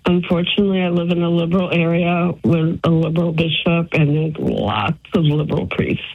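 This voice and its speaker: A woman's voice: on the low side, fairly even intonation, fairly quick, husky. A woman calling into a radio show, speaking earnestly and sounding weary and aggrieved. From United States, of Italian descent. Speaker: caller. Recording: phone line.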